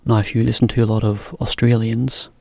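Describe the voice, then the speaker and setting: A man giving a relaxed English lesson to Japanese learners, explaining with simple examples. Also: mid-range voice, brisk, gravelly, no room sound, clean studio sound. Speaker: English teacher.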